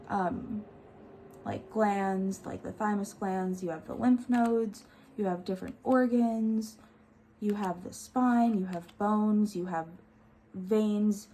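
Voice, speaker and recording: Slow-talking, gushing young woman. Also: medium pitch, warm tone, a little hiss or hum, poor audio. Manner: gushing, enthusiastic. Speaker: tarot vlogger. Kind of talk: casual chat.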